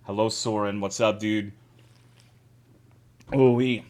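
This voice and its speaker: A man's voice: lowish voice, fairly even intonation, slow pace, a little mellow. A man streaming live, chatting casually with his chat, greeting viewers and swearing a lot while joking around.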